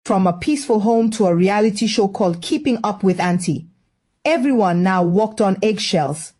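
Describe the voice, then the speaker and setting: A woman's voice: mid-range voice, lively intonation, moderate pace, warm tone. A woman telling a scripted story in a wry, gossipy manner.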